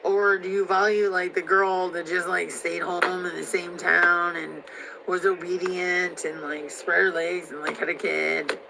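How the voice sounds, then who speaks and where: A woman's voice: lowish voice, level tone, a little slow, vocal fry, background noise. A young woman from Missouri in a heated, profane, rambling rant, stacking up fillers as she vents. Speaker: vlogger.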